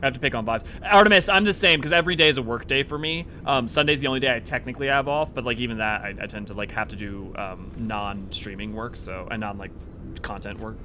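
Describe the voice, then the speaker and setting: A young adult man streaming a game and chatting casually with viewers in an animated, rambling way. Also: mid-range voice, quick pace, slight background noise. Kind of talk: casual live-stream chat.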